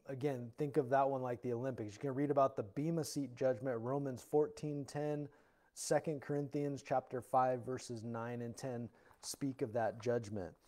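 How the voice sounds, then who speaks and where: A man pastor giving a verse-by-verse Bible teaching in church, earnest and explanatory, rising loud when reading scripture aloud. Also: medium pitch.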